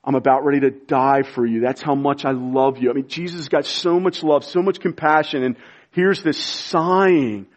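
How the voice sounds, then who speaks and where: A man preaching a sermon to a congregation, impassioned and pleading, sometimes dropping to a hushed voice. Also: mid-range voice, normal speed, muffled recording. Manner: impassioned, pleading preaching with sudden quiet drops. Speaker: pastor.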